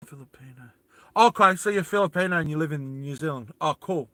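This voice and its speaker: A man's voice: fairly high pitch, brisk, bright, forceful tone, no room sound. A man hosting a live stream, chatting casually with viewers and reading their comments in a rambling, self-deprecating way. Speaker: livestream host.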